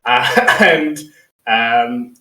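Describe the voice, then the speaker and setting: Guy dm narrating a tabletop game, bright voice, kinda far off in a roomy echoey space. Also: mid-range voice, very slow, a little hiss or hum. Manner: narrates scenes and voices characters, laughs often. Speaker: game master.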